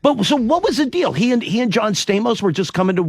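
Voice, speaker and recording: A man's voice: high voice, big pitch swings, fast talker, no room sound, studio quality. A man hosting a morning radio show, interviewing a guest and prompting him along. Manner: prompting with short acknowledgements. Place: radio studio.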